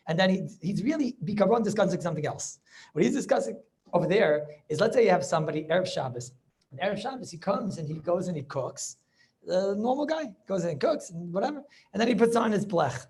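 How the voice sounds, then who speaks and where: An expressive, fast-talking rabbi with a slightly high voice and darkish tone teaches a casual class over video. He keeps things chatty, weaving in study-hall words in Yiddish and Hebrew.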